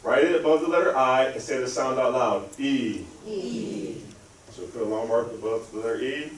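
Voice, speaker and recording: In a library lecture room, a male guest speaker leads a live, interactive spelling lesson, taking the audience through a call-and-response drill. His voice is medium-pitched and quick. The recording is roomy and distant, with a faint room hum.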